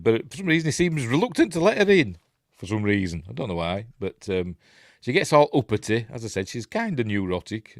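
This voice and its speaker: A man's voice: lowish voice, darkish tone, no echo, clean studio sound. A man with a Yorkshire accent giving casual, rambling film commentary, often correcting himself and chuckling at his own asides. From England. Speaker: film reviewer.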